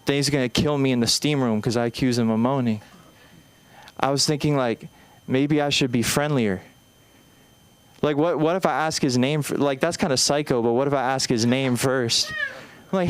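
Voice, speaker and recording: A young male comedian working an open-mic stage, his voice sitting in a middle pitch with a smooth, resonant tone. He rambles anxiously through self-deprecating bits, stumbling and restarting his sentences. The voice comes through a handheld mic in a small club. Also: normal speed, dry recording. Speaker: stand-up comedian. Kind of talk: open-mic stand-up set.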